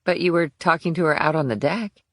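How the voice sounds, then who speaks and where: A man voicing a calm, sensible woman agent, in a whispered role-play audiobook reading, matter-of-fact. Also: a little high, fairly quick, no room sound, clean studio sound, voice pushed up. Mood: steady.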